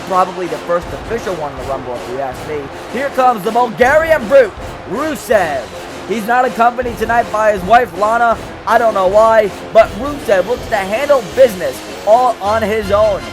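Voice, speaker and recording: A young man calls a wrestling match like a hyped ring announcer, shouting much of the time in a high, bright voice. He trash-talks the wrestlers with excitable energy, and faint music plays underneath. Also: moderate pace. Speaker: play-by-play commentator. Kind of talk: hyped wrestling commentary over video game footage.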